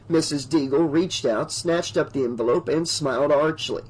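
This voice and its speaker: A man narrating an unabridged novel audiobook in a steady storytelling manner. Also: a little high, moderate pace, hardly any pauses, breathy edge, low-quality recording.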